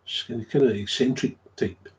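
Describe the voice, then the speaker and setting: A man's voice: medium pitch, steady tone, brisk, a little mellow. A man in a casual, rambling monologue about his recovery, repeating himself and chuckling often. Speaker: recovering alcoholic sharing his story. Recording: dull lo-fi recording.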